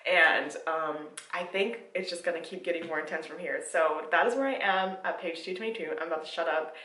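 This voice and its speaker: A woman book vlogger chatting casually about a novel she is reading, recapping the story and reacting out loud. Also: deep voice, a little fast, reverberant. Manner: chatty recap, breaking into laughs and pained outbursts while reading. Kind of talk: casual reading vlog chat.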